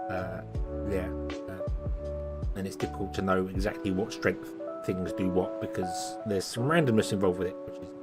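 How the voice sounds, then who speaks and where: A tired man, thinking aloud with lots of fillers while streaming a game. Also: deep voice. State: tired, yawning. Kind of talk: casual gameplay commentary.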